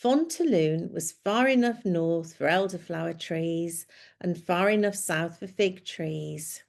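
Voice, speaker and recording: Slow-reading woman storyteller. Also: lowish voice, creaky. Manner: slow, gentle, descriptive reading. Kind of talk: scripted story narration.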